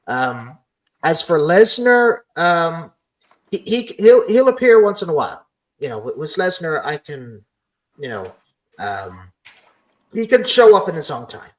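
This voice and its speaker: A man's voice: medium pitch, lively intonation, unhurried, rough recording. Rambling man, podcast host, lots of fillers. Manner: rambling, heavy "you know" fillers. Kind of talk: casual podcast chat.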